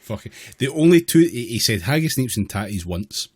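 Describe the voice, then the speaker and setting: A man's voice: mid-range voice, sing-song, normal speed, slightly rough, no room sound. A man co-hosting a podcast, complaining bluntly and emphatically with a lot of swearing. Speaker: podcast co-host. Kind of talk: casual film-review chat.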